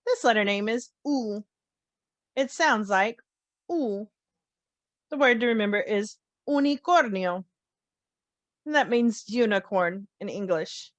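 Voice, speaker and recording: A woman teaching a phonics lesson, slowly sounding out letters and repeating each word with care. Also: mid-range voice, expressive, no room sound. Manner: slow, carefully sounds out letters and words. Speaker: language teacher. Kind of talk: slow children's phonics lesson.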